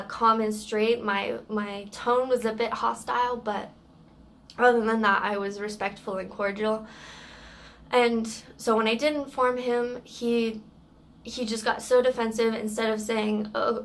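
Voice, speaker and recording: A woman vlogger recounts a story from work in a casual, matter-of-fact way. Her voice has a gravelly vocal fry and stays quite flat in pitch. She keeps pausing on fillers as she goes. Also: slight background noise.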